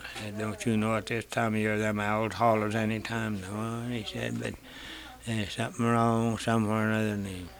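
An older man being interviewed rambles through family stories in rural dialect, repeating "he said" and swearing freely, in a style of folk storytelling. His fairly low voice is creaky and level, at normal speed.

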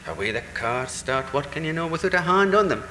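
A man telling a traditional folk tale in a lively, animated way, acting out the voices in the dialogue. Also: on the high side, a little fast, reverberant, long reverb tail, a little hiss or hum, rough recording. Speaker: storyteller.

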